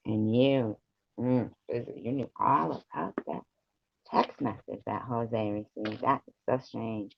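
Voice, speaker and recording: A man's voice: medium pitch, steady tone, unhurried, gravelly. A man live streaming, ranting at his viewers in a profane, rambling and confrontational way. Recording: dull lo-fi live stream audio.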